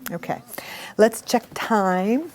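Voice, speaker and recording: A middle-aged woman teaching a communication workshop to a live group, talking in a lively, animated way. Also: medium pitch, slow pace, a little hiss or hum. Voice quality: animated storytelling with acted quotes. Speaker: workshop instructor.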